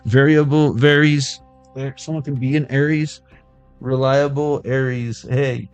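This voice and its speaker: A man's voice: medium pitch, steady tone, unhurried, clean tone, faint music behind. A man giving a casual, rambling intuitive tarot reading, free-associating words aloud and laughing often. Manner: rambling, word-associating, laughs often, sings snatches of old songs. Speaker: tarot reader.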